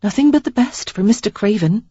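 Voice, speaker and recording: A woman voicing a prim, well-bred young gentlewoman who speaks in a poised, wry way, on a dull, slightly muffled audiobook recording. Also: medium pitch, lively intonation, brisk, husky, no room sound, pitched above the performer's own voice.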